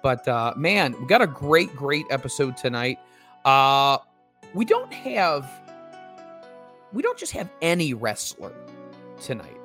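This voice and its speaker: A man's voice: medium pitch, huge pitch swings, slow pace, long pauses, sharp tone, soft background music. A man hosting a show, welcoming listeners and bantering in a playful, mock-boastful way. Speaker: host. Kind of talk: casual chat on a stream.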